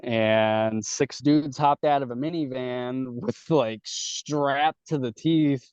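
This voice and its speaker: A man's medium-pitched, darkish, clean-toned voice moves slowly with fairly even intonation, and the dull, dry podcast audio has no room sound. As a guest recounting his story, he's candid, casual, and profane, performing both sides of every conversation.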